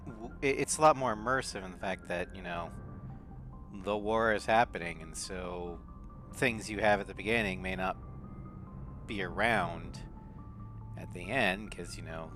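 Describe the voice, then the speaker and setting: Streamer, man, low, bright and forceful tone, faint game music behind; casual commentary. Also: unhurried, long pauses. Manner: thoughtful, reads in-game messages aloud.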